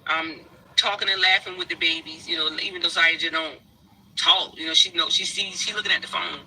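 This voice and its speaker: A woman's voice: lowish voice, steady tone, fairly quick, pushed and bright, a little hiss or hum, low-quality recording. A woman explaining that she checks on her children every day, defensive and rambling with fillers. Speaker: mother talking about her kids.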